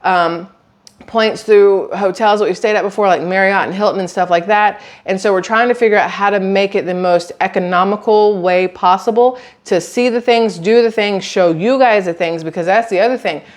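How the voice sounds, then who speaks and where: A woman, chatting casually to camera in a rambling, animated way. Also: mid-range voice, normal speed. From southern United States. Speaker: vlogger.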